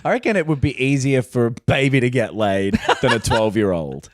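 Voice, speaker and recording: A man co-hosting a podcast, making crude deadpan jokes and swearing. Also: medium pitch, normal speed, no room sound, studio quality. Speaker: podcast co-host. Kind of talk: casual podcast banter.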